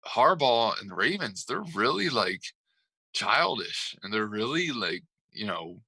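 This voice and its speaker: A man co-hosts a casual sports chat, telling his stories in a loose, rambling way full of "uh" and "like." His voice sits fairly low but comes across bright and forceful. The sound is dry and close, with no room around it. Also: no room sound, rough recording. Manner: rambling, laughing storyteller with many fillers. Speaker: sports podcast co-host.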